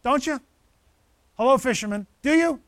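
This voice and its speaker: A male pastor preaching a conversational sermon, lively and animated, with frequent asides to the congregation. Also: extremely high pitch, normal speed, dry recording.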